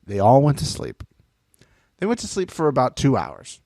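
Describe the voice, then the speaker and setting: A man co-hosting a reality TV podcast in casual, animated chat with some swearing. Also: medium pitch, normal speed, no echo, clean studio sound. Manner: animated, swearing, puts on quoted voices. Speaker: podcast co-host.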